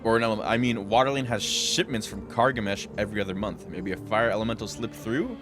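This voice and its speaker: Low-voiced man reading game dialogue aloud. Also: quick pace, over music. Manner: reads lines in varied character voices, interjects dry remarks. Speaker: streamer playing a role-playing video game.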